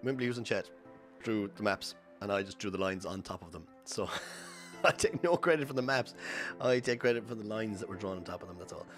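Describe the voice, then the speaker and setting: A man's voice: fairly low pitch, lively intonation, fairly quick, fairly bright tone, soft background music. A man streaming a speedrun, chatting casually and explaining each step to viewers as he plays. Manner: chats with viewers between instructions. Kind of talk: live gameplay commentary.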